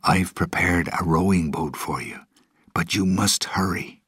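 A man doing a weary old pirate father, quiet and resigned. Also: sits low, a little slow, slightly rough, no room sound, studio quality, voice pushed up, full character voice.

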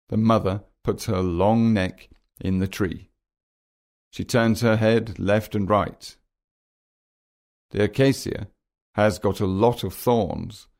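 A man narrating a children's graded reader in a plain, measured, simple way. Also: fairly low pitch, vocal fry, a little mellow.

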